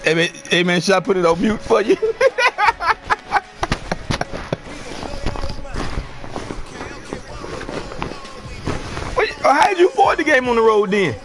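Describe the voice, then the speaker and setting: A man live-streaming a football video game, telling loud, profane stories and laughing between them. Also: high voice, big pitch swings, quick pace, few pauses, noisy background. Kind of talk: casual live-stream banter.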